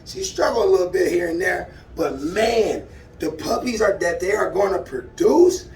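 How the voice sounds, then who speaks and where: A man who trains dogs, vlogging as he works with his puppy, talking straight to viewers and swinging from calm explaining to loud excited bursts. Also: sits high, normal speed, creaky, echoey room, recorded from a distance. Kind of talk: excited casual vlog while training a dog. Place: outdoors in a dog enclosure.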